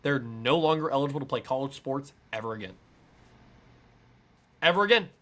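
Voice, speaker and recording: A man co-hosting a casual sports podcast, talking emphatically and building to excited peaks. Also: mid-range voice, quick pace. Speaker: podcast co-host.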